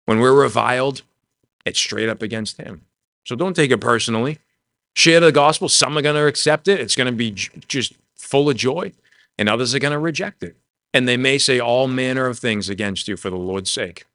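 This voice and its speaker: A man preaching a sermon in a conversational way, dropping soft and low when he voices quoted words. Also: no room sound, clean studio sound. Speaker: pastor.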